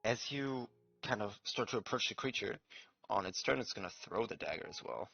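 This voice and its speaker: A man narrating as game master, in a hushed and halting way. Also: lowish voice, gravelly, no echo, dull audio, faint music behind. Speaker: dungeon master.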